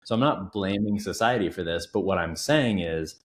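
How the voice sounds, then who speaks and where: In this casual interview, a thirty-something coach guesting on a podcast talks in a deep voice at normal speed. His storytelling is earnest, emphatic and animated, and the room echoes noticeably.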